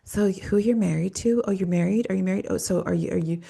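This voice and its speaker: A woman mimicking a fake psychic who fishes for clues with halting, leading questions. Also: mid-range voice, vocal fry, dark tone, husky, pitched above the performer's own voice. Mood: mocking. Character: fake psychic fishing for clues, pushy, any sex.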